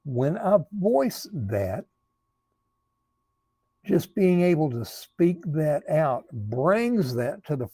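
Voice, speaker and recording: An earnest man talks as a recovery coach, taking his time and restarting phrases as he thinks. His voice is mellow and gravelly with a husky edge. The sound is dry and close. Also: on the high side, no room sound. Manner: slow, earnest, repeats words while thinking. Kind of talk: talking to camera, advice monologue.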